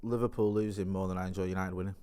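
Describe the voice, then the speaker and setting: A man, co-hosting a casual football podcast, chatty and quick to laugh while telling stories. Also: deep voice, flat delivery, mellow, smooth. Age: 40s. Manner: chatty, laughs often, tells anecdotes. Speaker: podcast co-host.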